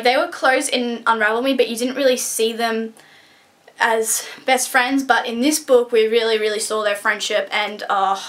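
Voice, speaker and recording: A woman's voice: on the high side, a bit bright. A young woman gushing and rambling through a casual book review vlog, full of restarts and fillers.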